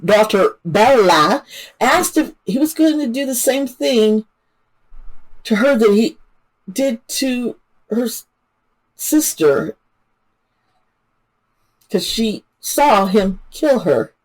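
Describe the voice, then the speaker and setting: A woman's voice: fairly high pitch, animated, slow pace, pauses often, poor audio. A woman hosting her own channel, giving casual true-crime commentary in a chatty, emotional way with many fillers and restarts. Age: adult parent. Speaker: channel host.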